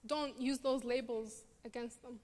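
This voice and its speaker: A woman's voice: on the high side, steady tone, unhurried, a little mellow. A woman in her twenties from Somalia with a Scottish accent, telling her own story earnestly with dry humor on a theatre stage. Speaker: refugee campaigner speaking at a charity show. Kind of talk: personal story told on stage. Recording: long theatre hall reverb.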